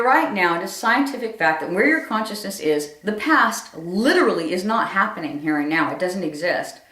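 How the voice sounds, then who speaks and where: A woman's voice: medium pitch, fairly bright tone. Woman telling a story, echoey and distant. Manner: emphatic, repeats phrases for effect. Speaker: comedian. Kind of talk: stand-up storytelling monologue. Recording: roomy echo from a distant mic.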